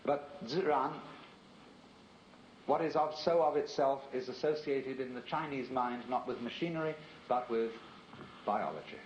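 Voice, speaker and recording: A man's voice: medium pitch, slight background noise. Reflective man lecturing on old tape. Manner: measured, reflective, rhetorical. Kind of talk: philosophical lecture. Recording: roomy, dull archival lecture tape.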